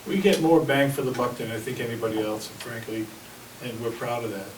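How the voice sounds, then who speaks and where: A man's voice: mid-range voice, steady tone, brisk, background noise. A man, a fire chief, giving a plainspoken report with anecdotes at a town board meeting. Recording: echoey room, mic at a distance.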